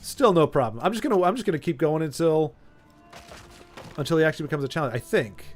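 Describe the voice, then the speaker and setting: While streaming a game, a man chats casually with viewers, rambling and tripping over his words. He talks fast in a slightly high voice with lively intonation, and faint music plays behind him.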